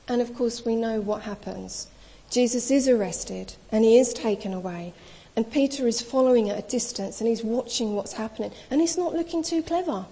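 A woman's voice: fairly high pitch, expressive, normal speed, mellow. Woman preaching, tells it like a story and acts out the lines, big echoey hall. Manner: storytelling, acts out quoted dialogue in casual speech. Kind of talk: sermon. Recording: long reverb of a hall.

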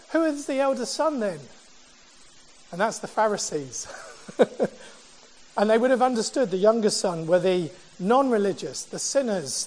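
Guy preaching a sermon, pretty high voice, long echo like a big church hall. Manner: measured preaching with rhetorical questions. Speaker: pastor.

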